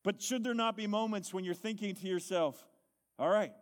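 A man's voice: high-pitched, fairly even intonation, fairly quick. A man preaching a sermon, earnest and emphatic, building to exclamations.

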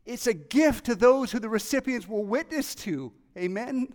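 A man preaching a sermon as pastor, excitable and animated, acting out the voices of people in the story. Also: extremely high pitch, normal speed. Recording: long reverb of a large hall.

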